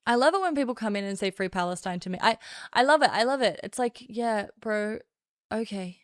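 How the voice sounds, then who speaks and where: A woman's voice: a little high, fairly quick, dry recording, clean studio sound. An Australian woman doing casual political commentary on a stream, blunt and sarcastic, often laughing.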